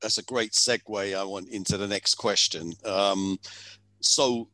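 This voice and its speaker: A man's voice: fairly low pitch, steady tone, a little slow, pushed and bright, dry recording. A man interviewing a guest, asking long questions full of fillers. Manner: hesitant, filler-heavy questions.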